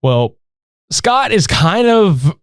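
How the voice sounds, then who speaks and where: A man hosting a podcast, his voice rising and falling a lot as he tells a story. He is profane and animated, with a slightly high pitch and a dry, close sound. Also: extremely slow, clear, resonant tone, dry recording. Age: older adult. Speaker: podcast co-host. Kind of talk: casual chat.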